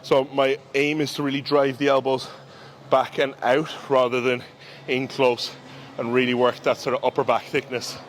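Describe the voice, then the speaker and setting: A man's voice: mid-range voice, moderate pace, few pauses, a little hiss or hum. Man coaching through a gym session. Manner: relaxed, instructive, talks through gym cues with fillers. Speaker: bodybuilder and coach. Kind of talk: casual training vlog commentary.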